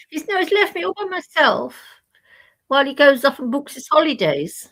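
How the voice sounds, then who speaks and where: Older woman, stream host, high and gravelly, chatty self-talk. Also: sing-song, normal speed, fairly bright tone. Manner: chatty, rambling, talks to herself. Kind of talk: casual live-stream chat.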